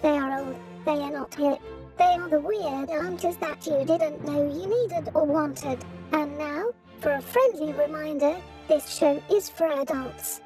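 A woman reading a scripted show intro in a bright, sing-song manner over music. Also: high-pitched, unhurried. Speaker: show announcer.

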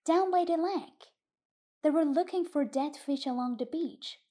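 A woman voicing Nick, a shy young boy who is easily teased, in a gentle audiobook reading. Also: high-pitched, unhurried. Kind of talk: audiobook reading of a short story.

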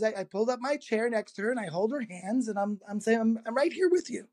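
A man, a guest in an interview, telling a personal anecdote in a lively, casual way, laughing often and acting out the quoted dialogue. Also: extremely high pitch, fairly quick. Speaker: interview guest, energy healer.

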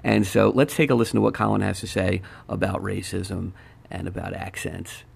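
A man hosting a gaming podcast in a relaxed, rambling solo talk with many fillers. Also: low voice, normal speed, gravelly, breathy edge. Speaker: podcast host. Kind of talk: casual podcast monologue.

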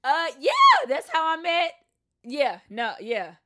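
A woman's voice: high-pitched, wildly swooping pitch, slow, heavy background noise. Bubbly, talkative woman co-host. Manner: bubbly, talkative, laughs often. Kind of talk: casual chat.

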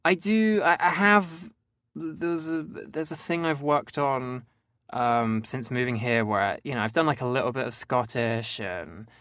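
A man's voice: medium pitch, measured pace, a bit bright, no room sound. Chatty Southern English man, dry sound. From England. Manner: chatty, hesitant, many restarts and fillers. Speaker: voice actor guest. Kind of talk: casual interview chat.

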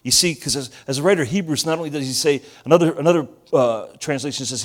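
A man's voice: on the high side, fast talker. A man in his forties from Argentina, a pastor preaching a sermon with funny stories and jokes with the audience. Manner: animated storyteller, jokes with the audience.

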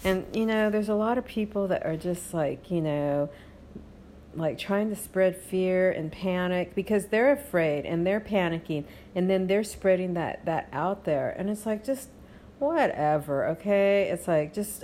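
A woman's voice: fairly low pitch, normal speed, a little mellow, slight background noise. A woman hosting a podcast, talking in a casual, rambling monologue with many fillers and reassuring "okay?" asides. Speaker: podcast host. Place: home.

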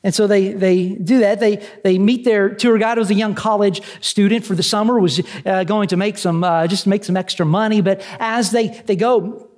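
A man preaching, telling a story as a sermon illustration, halting often with restarts and fillers. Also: high-pitched, steady tone, a little mellow.

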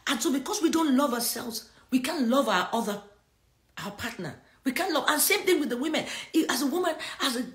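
A middle-aged woman delivers a sermon, her fairly high voice rising and falling in wide, lively swings as she drives her points home. She reads scripture aloud and slips in laughs between her lines. The sound carries a noticeable echo from the room. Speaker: preacher hosting a livestream. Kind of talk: sermon teaching with scripture reading.

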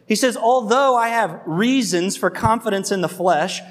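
A man's voice: high-pitched, moderate pace. A man preaching a sermon as pastor, earnest and pleading, conversational in tone. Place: church hall. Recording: long hall reverb.

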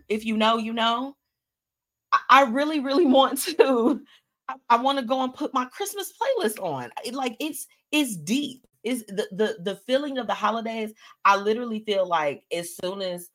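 A woman hosting a live stream show, chatting casually and animatedly with viewers and reading out their comments. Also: fairly high pitch. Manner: animated, chatty, laughs often, reads comments aloud.

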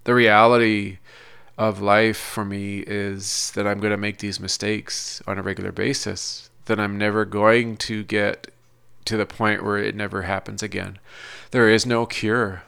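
A man talking through his own struggles in a hesitant, halting personal monologue, often pausing and restarting as he searches for words. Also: fairly low pitch, flat delivery, creaky, a bit bright, clear, resonant tone.

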